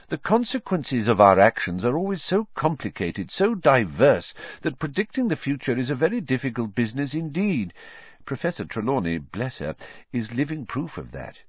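A man voicing a very old, wise headmaster wizard who speaks quietly and calmly, with a gentle wry humor. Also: medium pitch, normal speed, slightly rough, no room sound. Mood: thoughtful. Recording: slightly dull lo-fi audio.

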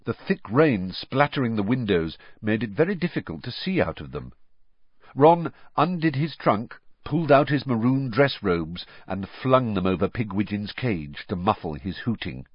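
A man narrates a storybook in a low, husky voice with a lively, rising and falling pitch. The recording is dry and close, with a slightly dull tone. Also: normal speed, dry recording. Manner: expressive storybook reading. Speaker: audiobook narrator. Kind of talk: scripted narration.

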